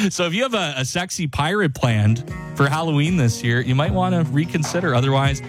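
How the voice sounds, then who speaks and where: A man's voice: on the high side, expressive, a little fast, over music. A man hosting a radio show, chatting casually and jokingly and chuckling between lines. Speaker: radio host. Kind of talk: casual radio host chat.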